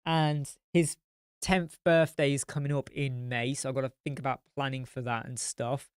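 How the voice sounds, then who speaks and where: A man's voice: mid-range voice, little pitch movement, normal speed, clean tone, dry recording, clean studio sound. A man hosting a casual live chat, tired and yawning, rambling as he answers viewer comments.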